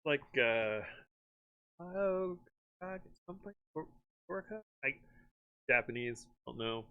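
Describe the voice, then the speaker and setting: A man's voice: on the high side, slow pace, clean tone, phone-quality sound. A man hosting a live stream, chatting casually and rambling, laughing often. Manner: rambling, laughs often, animated when excited. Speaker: streamer host. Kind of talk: casual chat.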